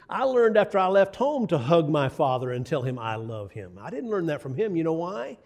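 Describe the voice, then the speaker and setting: A man's voice: fairly high pitch, very animated, moderate pace, few pauses, a little mellow. An older man preaching a sermon, telling folksy stories with asides to the congregation. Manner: folksy storytelling with asides to the audience.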